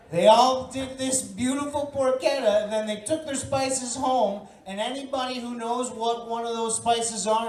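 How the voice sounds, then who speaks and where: A woman works a bar crowd with a brash, profane stand-up bit, building each story up to loud punchlines. Her voice sits a touch high. She is caught from a distance in a roomy, echoing bar. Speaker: stand-up comedian and emcee. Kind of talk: stand-up comedy set. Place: bar comedy night, indoors. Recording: echoey bar room from far off. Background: audience laughter.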